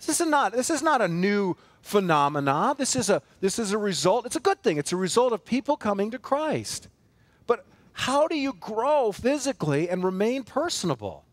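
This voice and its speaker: A male pastor with a fairly high voice preaches a sermon in a church. He is earnest and emphatic, piling up repeated phrases and firing off rhetorical questions. The sound is close and dry, with little room echo. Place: church sanctuary.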